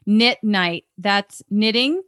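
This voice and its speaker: Woman podcast host, cheerful, laughs a lot, mid pitch, dry close sound. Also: slow pace, fairly bright tone, no room sound. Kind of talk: upbeat podcast chat.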